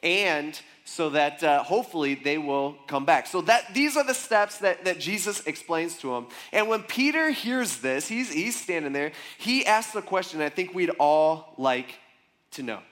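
Male pastor with a high voice, casual storytelling sermon, chatty asides. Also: very animated, unhurried, fairly bright tone. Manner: conversational storytelling with frequent asides.

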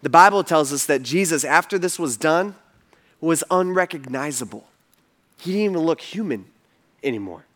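A man's voice: a little high, expressive, normal speed, fairly bright tone. A man preaching, retelling a story vividly and casually, with fillers. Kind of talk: storytelling sermon.

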